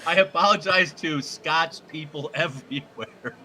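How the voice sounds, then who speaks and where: A man's voice: on the high side, sing-song, normal speed, bright, forceful tone, a little hiss or hum. A man co-hosting a casual live-stream show, joking and often stumbling over repeated words. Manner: jokey, stammers and repeats words. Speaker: co-host.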